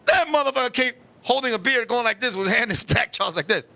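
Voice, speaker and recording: A man telling a comic story on a show, animated and profane, who keeps turning to his co-host. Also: very high-pitched, fast, vocal fry. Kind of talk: comedic storytelling.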